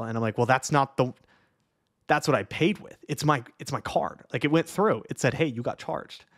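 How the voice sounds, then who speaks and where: Young man telling a travel mishap story. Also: mid-range voice. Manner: animated retelling with quoted voices and laughs; swears casually. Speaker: vlogger. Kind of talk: casual storytelling.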